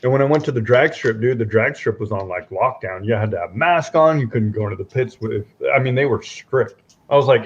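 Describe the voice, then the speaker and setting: Mid-pitched male voice, relaxed storyteller, muffled sound. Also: quick pace. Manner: laid-back storyteller. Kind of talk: casual garage chat. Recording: dull lo-fi sound.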